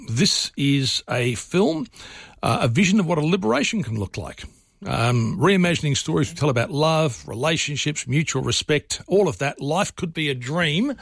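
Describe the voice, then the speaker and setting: A man's voice: on the high side, creaky, a bit bright, dry recording. An Australian man hosting late-night radio talk in a studio, chatty and rambling, with many filler sounds as he goes. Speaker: radio host. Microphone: studio microphone.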